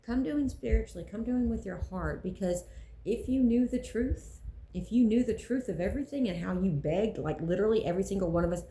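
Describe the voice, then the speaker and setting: A woman's voice: medium pitch, brisk, warm tone, roomy sound, a little hiss or hum, poor audio. A woman speaking earnestly about her faith, preaching in a casual way and repeating phrases for emphasis. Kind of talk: personal faith talk.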